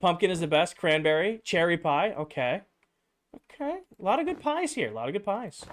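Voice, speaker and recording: A man's voice: high-pitched, very animated, a little fast, a bit bright. A man streaming a game, chatting casually, reading out and reacting to viewers' answers with playful opinions. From United States. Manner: reads viewer replies aloud, playful and opinionated. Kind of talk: casual livestream chat over gameplay.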